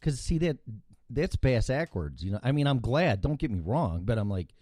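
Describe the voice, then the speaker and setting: A man's voice: mid-range voice, sing-song, moderate pace, darkish tone, dry recording. A man from Chicago with a Chicago accent, hosting a casual talk show and chatting bluntly, swearing freely as he tells stories. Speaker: radio show host. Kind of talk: casual chat.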